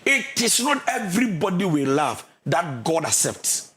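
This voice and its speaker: A Ghanaian man with a fairly high voice preaches marriage advice as a counsellor. He is emphatic, slips between English and Twi, and now and then rises to a shout or a sung phrase. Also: big pitch swings, unhurried. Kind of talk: radio counselling talk.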